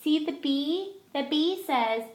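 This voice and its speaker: High, very slow coaxing woman. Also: lively intonation, roomy sound. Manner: gentle, repetitive, coaxing baby talk. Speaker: parent teaching a toddler. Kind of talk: teaching a toddler animal sounds.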